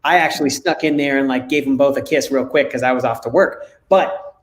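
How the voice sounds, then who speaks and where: A man co-hosting a talk, telling lively family anecdotes and acting out dialogue. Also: mid-range voice, a little fast. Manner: animated anecdotes, acts out dialogue. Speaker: co-host. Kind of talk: casual storytelling. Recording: echoey room.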